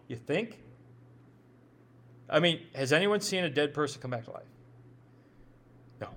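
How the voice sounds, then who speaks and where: A man's voice: a little high, fairly bright tone. A man with a Midwestern accent preaching a sermon as pastor, conversational, often repeating words as he thinks aloud and adding joking asides.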